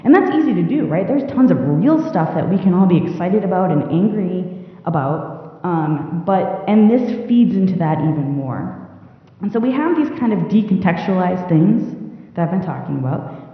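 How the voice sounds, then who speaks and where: A young woman giving an informal public talk about news literacy, chatty and often asking "right?". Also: on the low side. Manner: chatty, asks "right?" often, laughs at odd headlines. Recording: echoey hall, phone-like sound.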